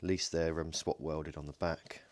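A man with an extremely low, slightly mellow voice and little pitch movement narrates at normal speed while taking apart a battery pack. As a DIY electronics video host working in his home workshop, he jokes, thinks aloud, and often ums and corrects himself during this casual, hands-on teardown.

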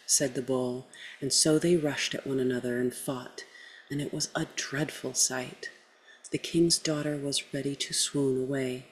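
A woman storyteller reading a folktale aloud in a measured way, letting her lines fall at the ends. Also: very deep voice, level tone, a little hiss or hum, poor audio.

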